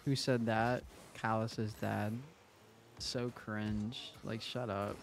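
A man's voice: on the low side, little pitch movement, takes it slowly, creaky, slight background noise. A young man streaming a game who chats casually with viewers, teasing and joking between plays. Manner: joking, teasing, chatty asides to chat while playing.

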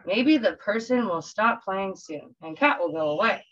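A woman voicing a small, eager young male mouse in a storybook reading, speaking in a hushed, hopeful way. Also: medium pitch, expressive, normal speed, highs cut off.

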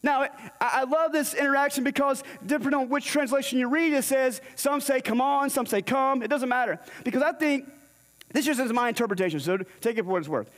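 A man's voice: very high voice, moderate pace, a bit bright. A man preaching a sermon in a church, telling a scripture story and acting out the characters' lines. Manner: storytelling, acts out the dialogue in scripture. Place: church sanctuary. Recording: long hall reverb.

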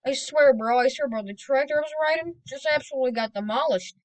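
Rambling, excitable woman gamer. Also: high voice, fast, poor audio. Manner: rambling and excitable, with sudden loud exclamations. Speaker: gaming video creator. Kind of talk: casual gameplay commentary.

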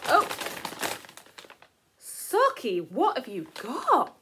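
A woman's voice: sits high, wildly swooping pitch, drawn-out words, background noise. A woman teacher giving a playful, sing-song lesson to young children.

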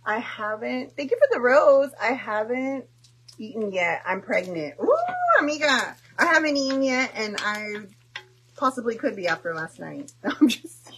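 A woman's voice: medium pitch, lively intonation, measured pace, fairly bright tone, a little hiss or hum, low-quality recording. A young woman chatting and joking through a home cooking stream, tossing in Spanish words. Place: home kitchen.

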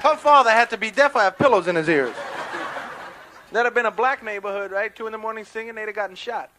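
A young man with a New York accent doing a stand-up comedy routine on a club stage, brash and quick to slip into character voices, on a 1970s live record with faint hiss. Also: high-pitched.

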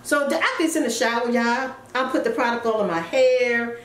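A woman's voice: a little high, normal speed. A middle-aged woman chatting casually and telling a story, acting out voices with folksy asides. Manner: animated storyteller who acts out voices, folksy asides like "child" and "y'all". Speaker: vlogger. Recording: echoey room with faint ambient noise.

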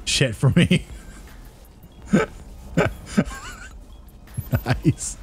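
Male game streamer, excitable, swears, laughs often; animated pitch. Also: very slow, faint music behind. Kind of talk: casual gaming chat.

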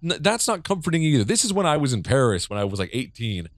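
A man's voice: mid-range voice, big pitch swings, quick pace, no room sound, clean studio sound. A man from the United States giving rambling, profane let's play commentary, with jumpy reactions as he plays a horror game. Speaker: gamer.

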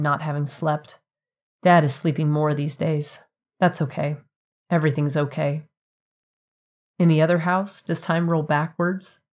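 A woman with a low voice reads a short story aloud. Her delivery is even and measured, a scripted narration with clean pacing.

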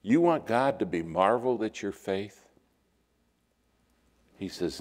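A man preaching a sermon in a church, telling stories and acting out the quotes with lively shifts of voice. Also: on the low side, takes it slowly, pauses often. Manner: storytelling with lively acted-out quotes. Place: church sanctuary. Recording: long hall reverb.

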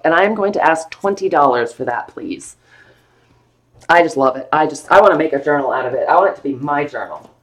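A woman hosting a live stream sale of vintage books, chatting playfully and gushing over each one. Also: low voice. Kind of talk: casual live sale chat.

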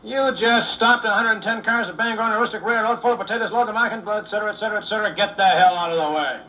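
A man's voice: fairly high pitch, brisk, fairly bright tone, a little hiss or hum, lightly acted, low-quality recording. A man voicing an impatient, hot-tempered train engineer who blusters. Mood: irate.

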